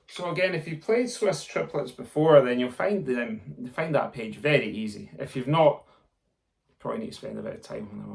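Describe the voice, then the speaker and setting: Gravelly man teaching drumming. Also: on the high side. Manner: counts aloud and vocalizes drum rhythms. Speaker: drum tutor. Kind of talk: instructional lesson. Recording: loud background noise. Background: snare drum playing.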